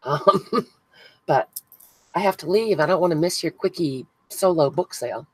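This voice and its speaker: A woman's voice: sits low, lively intonation, unhurried, slightly rough, no room sound, poor audio. A woman hosting a casual craft live stream, chatting with viewers by name as she glues buttons and thinks aloud. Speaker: craft channel host. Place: indoors at a crafting table.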